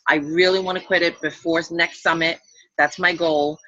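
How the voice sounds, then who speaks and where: A woman's voice: lowish voice, steady tone, normal speed, sharp tone, no echo, highs cut off. A woman in her forties on a team call, talking plainly and earnestly. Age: 40s.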